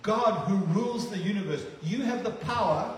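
Male pastor, earnest sermon delivery, mid-high voice, distant mic, roomy church echo. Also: normal speed, a little hiss or hum. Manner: earnest, repeats words for emphasis. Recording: echoey hall, distant mic.

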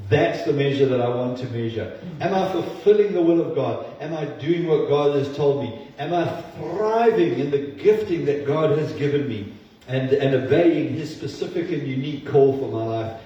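A man's voice: a little high, dark tone. A male pastor giving a sermon in an earnest, conversational way, with self-deprecating asides. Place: church sanctuary. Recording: distant, roomy, dull-toned church recording.

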